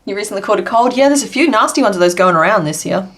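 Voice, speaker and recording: A woman's voice: mid-range voice, expressive, quick pace, fairly bright tone. A woman hosting a casual crochet livestream, chatting and making puns as she works. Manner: chatty, answers chat and makes puns while working.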